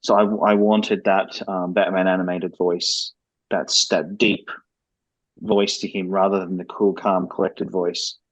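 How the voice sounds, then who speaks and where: A man's voice: low-pitched, flat delivery, a little slow, no room sound, low-quality recording. A man who develops video games, speaking as a guest in a podcast interview and explaining things candidly and at length.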